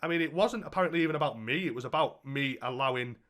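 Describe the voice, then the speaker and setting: A man's voice: mid-range voice, quick pace, a bit bright. A young man co-hosting a podcast, telling a story in casual chat and swearing heavily. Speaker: podcast co-host.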